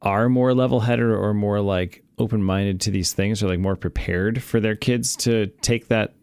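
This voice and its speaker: A man's voice: lowish voice, fairly even intonation, normal speed, a little mellow, clear, resonant tone, no room sound. A man who produces and regularly joins a podcast, asking rambling, hesitant questions full of fillers in a casual chat.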